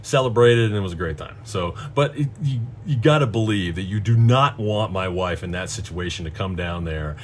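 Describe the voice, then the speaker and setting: A man's voice: sits low, moderate pace, few pauses, a little hiss or hum. A middle-aged man telling a story in a casual rant, profane and exasperated. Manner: profane, exasperated, animated storytelling with voiced quotes. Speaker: vlogger.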